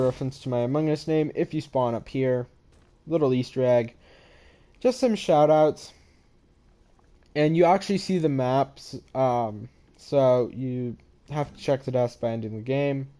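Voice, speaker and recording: A man's voice: mid-range voice, dark tone. A young man casually walking through his own game maps, rambling, with a yawny, sleepy manner, on a headset microphone. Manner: rambling, sleepy, yawning and apologizing. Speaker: gaming channel host. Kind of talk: casual game map walkthrough. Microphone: head-mounted microphone.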